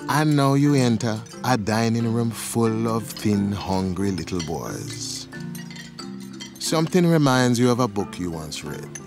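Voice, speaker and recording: A man's voice: on the low side, sing-song, unhurried, over music. A man narrating a scripted story in the second person, in a dramatic storytelling manner.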